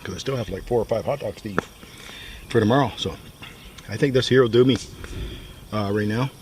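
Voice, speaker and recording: A man casually chatting to the camera at a campsite in the woods, rambling and repeating himself in a relaxed way. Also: lowish voice, a little fast. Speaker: outdoor vlogger. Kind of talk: casual solo camping vlog. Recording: outdoor recording with steady background noise.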